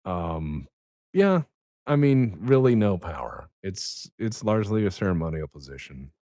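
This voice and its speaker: A man's voice: deep voice, sing-song, a little slow, dark tone, dry recording, studio quality. A young adult man, a podcast guest, telling rambling, profane stories in casual chat.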